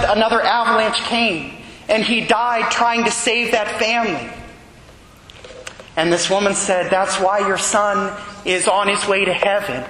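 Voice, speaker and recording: A man with a high, bright voice tells stories in a slow, earnest sermon. He carries the quoted dialogue himself. The sound is roomy, with a long hall reverb and a faint hum of ambience behind him. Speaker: preacher. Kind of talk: sermon storytelling.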